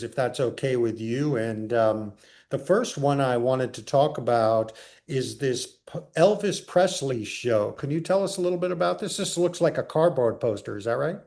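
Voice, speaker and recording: A man's voice: mid-range voice, animated, moderate pace, darkish tone. A man hosting a podcast, asking his guest polite, easygoing questions. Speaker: podcast host. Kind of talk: interviewing a guest.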